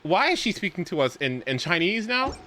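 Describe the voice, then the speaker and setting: Excitable swearing male game streamer. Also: high-pitched, brisk, slight background noise. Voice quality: swearing, excitable, big swings from mumbling to shouting. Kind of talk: casual live-stream gaming chat.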